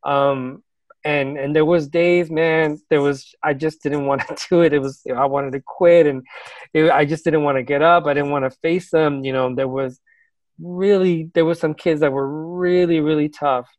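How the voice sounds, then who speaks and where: Male teacher, earnest storyteller, slightly high voice, dry close sound. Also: steady tone, moderate pace, darkish tone, dry recording. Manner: earnest, reflective, laughs now and then. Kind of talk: casual personal storytelling.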